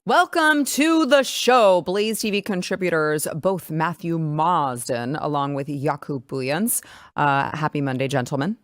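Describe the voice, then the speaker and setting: A woman's voice: deep voice, moderate pace, no room sound, clean studio sound. A woman hosting a political talk show, talking casually with emphatic, sarcastic remarks. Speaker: host.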